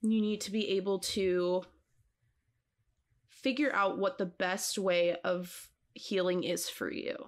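A woman co-hosting a podcast in casual chat, talking in an expressive, emphatic way and laughing often. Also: lowish voice, slow pace. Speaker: podcast co-host.

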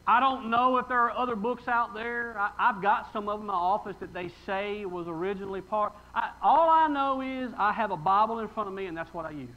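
A man's voice: sits high, brisk, few pauses, dull audio. A pastor preaching a sermon in a folksy, emphatic way, reading scripture and asking his congregation rhetorical questions.

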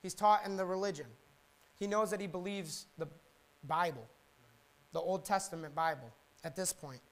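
Man preaching with casual animated slang. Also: high-pitched, moderate pace. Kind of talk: sermon.

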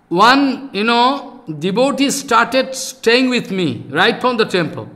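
Casting: older man, bright high preaching voice, scolds and exhorts. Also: takes it slowly. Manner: animated, scolding, rising to loud emphatic bursts. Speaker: spiritual teacher. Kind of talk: sermon.

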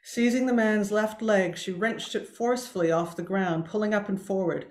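A woman reads a passage from her own novel in a measured, expressive way, stumbling now and then. Her voice sits in a middle range. The sound carries a noticeable room echo. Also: medium pitch. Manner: measured, expressive reading with some slips. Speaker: author. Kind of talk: reading aloud from her novel.

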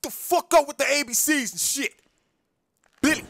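A man playing a brash immigration officer, loud and swaggering, sometimes sing-song and sometimes muttering. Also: very high voice, moderate pace, vocal fry, no room sound, studio quality. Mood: accusing. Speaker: skit creator. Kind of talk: comedy skit voice acting.

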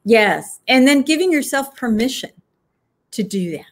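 A woman's voice: high-pitched, expressive, unhurried. A woman, an author and guest, answering interview questions reflectively and thinking aloud with frequent fillers.

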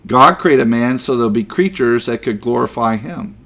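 A man's voice: medium pitch, animated, normal speed, fairly bright tone. A man teaching a Bible class, explaining Greek words and repeating key phrases for emphasis.

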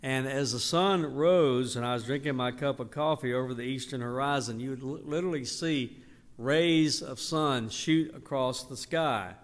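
An older man, teaching a Bible study in an unhurried, emphatic way. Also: medium pitch. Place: church hall. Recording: reverberant church hall.

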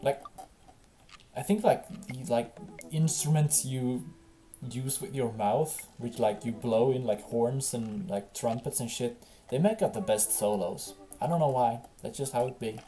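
A young Englishwoman riffing through a game stream in a loose, jokey ramble. Her voice is unusually deep for a woman, dark and mellow in tone. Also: unhurried. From England. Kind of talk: casual gameplay commentary.

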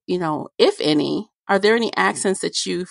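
Gravelly-voiced woman podcast host. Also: fairly low pitch, no room sound, clean studio sound. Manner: brief backchannels, measured questions. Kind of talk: interviewing.

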